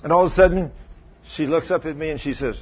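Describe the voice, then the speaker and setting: A middle-aged man, a pastor telling a story in a sermon and acting out the scene with shouted commands. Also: fairly high pitch, fast, lo-fi sound, heavy background noise.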